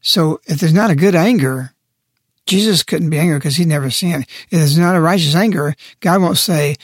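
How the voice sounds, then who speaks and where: A man's voice: a little high, normal speed, breathy edge, dry recording, clean studio sound. A man speaking on a radio talk show in an impassioned, preaching way, pressing his points hard. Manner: forceful, preaching, emphatic.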